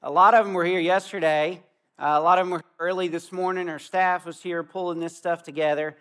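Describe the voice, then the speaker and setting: Man, pastor, outdoor sermon, high voice, earnest storytelling, slows for emphasis. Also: steady tone, a bit bright. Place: outdoor gathering.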